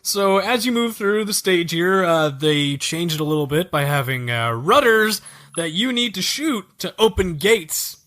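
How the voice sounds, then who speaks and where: A man's voice: sits high, measured pace, pushed and bright. A man hosting a casual gaming podcast, eagerly walking through game levels. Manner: enthusiastic, explaining game levels. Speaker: podcast host. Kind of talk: casual chat.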